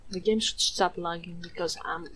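A woman from Greece commentating a video game playthrough in a playful, jokey way, swearing, dropping to mock whispers and rising to excited squeals. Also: fairly low pitch, normal speed, slight background noise. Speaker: gameplay streamer. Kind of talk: let's play commentary.

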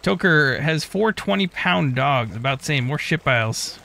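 A male streamer with a slightly high, bright, sharp-edged voice chats loosely over a co-op game. He jokes and reads out viewer messages in a relaxed, offhand way. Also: moderate pace, gravelly. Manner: reads chat messages aloud, joking. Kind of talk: casual gameplay chat.

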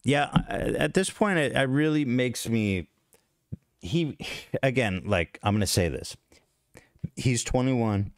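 A man giving commentary, briskly reading out text messages in a steady, flat way. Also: medium pitch, no echo, clean studio sound.

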